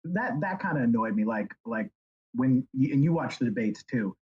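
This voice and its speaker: A man who is a guest author, chatting in a rambling, animated way and slipping into silly impressions. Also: mid-range voice, normal speed, breathy edge, highs cut off. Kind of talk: casual chat.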